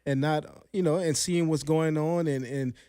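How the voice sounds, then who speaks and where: A man's voice: fairly high pitch, fairly even intonation, normal speed, mellow, clean tone, dry recording, studio quality. A man co-hosting a talk radio show, agreeable and chiming in with short replies. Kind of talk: casual talk radio chat.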